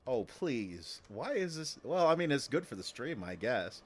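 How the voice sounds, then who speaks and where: A man casually commenting while he plays a game on stream, sometimes dropping into a low, menacing voice. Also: big pitch swings, measured pace, a little hiss or hum. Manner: low, muttered mock-villain asides.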